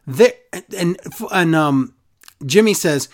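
A podcast host recapping a wrestling show in casual chat, sarcastic and animated, acting out quotes in other voices. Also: mid-range voice, unhurried.

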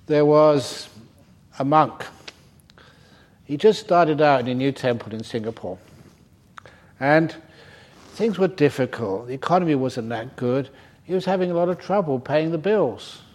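An older Buddhist monk gives a humorous dharma talk in a retreat centre hall, teasing and laughing at his own stories. His voice is on the high side and darkish in tone, expressive, at a measured pace with long pauses.

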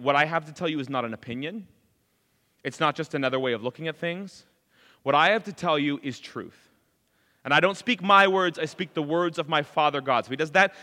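A man preaching a sermon in an animated way, acting out lines of dialogue as he goes. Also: a little high, in a large hall.

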